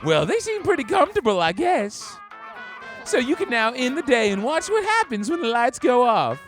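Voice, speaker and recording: A flamboyant, gossipy neighbor from a game, who swoops wildly up and down in a very high voice. He stretches his words out in a campy, theatrical way. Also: sing-song, fairly bright tone, faint music behind, heavily acted. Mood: chatty. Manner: campy, theatrical, drawn-out delivery. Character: flamboyant gossipy male cat-town neighbor. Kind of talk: game character dialogue.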